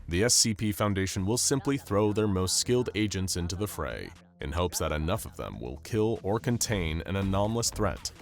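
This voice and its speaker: Guy narrating a cartoon story, lowish voice, pitch swings all over, dramatic. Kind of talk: scripted narration of an animated story.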